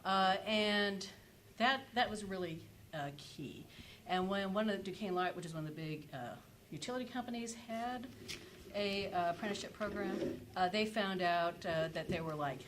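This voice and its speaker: A woman's voice: mid-range voice, moderate pace, background noise. A woman giving a conference panel presentation, speaking with many fillers and restarts as she works through her points. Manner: hesitant, many fillers and self-corrections. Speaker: energy policy panelist.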